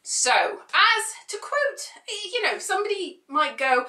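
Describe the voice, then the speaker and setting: Bright-voiced woman, rambling and opinionated. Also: very high-pitched, big pitch swings, takes it slowly, few pauses, roomy sound. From United Kingdom. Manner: rambling, opinionated, sarcastic asides. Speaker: vlogger. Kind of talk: casual chat to camera.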